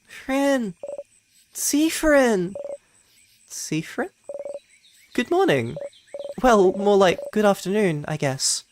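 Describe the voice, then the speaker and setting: A chirpy young woman friend who teases in a bright sing-song lilt, as a man pushes his voice well up to play her. The pitch floats high above a deep speaking voice, over a noisy home mic with a steady hiss. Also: drawn-out words, long pauses, full character voice. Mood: teasing.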